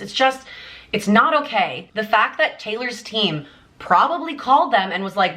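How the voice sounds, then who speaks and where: Bright, fired-up woman vlogger. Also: high voice. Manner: emphatic, indignant, peppered with "like". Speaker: YouTuber. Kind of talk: fired-up fan commentary.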